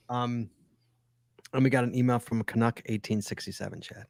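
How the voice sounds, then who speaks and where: A man's voice: medium pitch, fairly even intonation, moderate pace, gravelly, darkish tone, dry recording, studio quality. Chatty man co-hosting a podcast. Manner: chatty, teasing, reads listener emails aloud. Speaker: podcast co-host. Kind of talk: casual podcast chat and ad reads.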